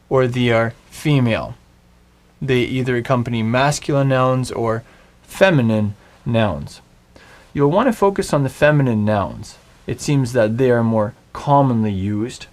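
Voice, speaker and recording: A man teaching a video language lesson, slowly and patiently drilling words for the viewer to repeat. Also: medium pitch, darkish tone. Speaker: Hebrew teacher.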